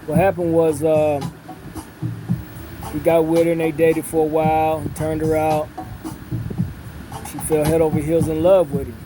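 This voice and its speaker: A middle-aged man, unhurried, with many fillers and repeated words. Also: on the high side, completely flat delivery, background noise. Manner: unhurried storyteller with a drawl, many fillers and repetitions. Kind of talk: casual storytelling. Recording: music playing in the background.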